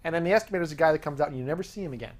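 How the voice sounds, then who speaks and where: A man hosting his own show, telling a casual anecdote in an animated, self-amused way and acting out the back-and-forth of a conversation. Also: on the high side, rapid-fire. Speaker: podcast host.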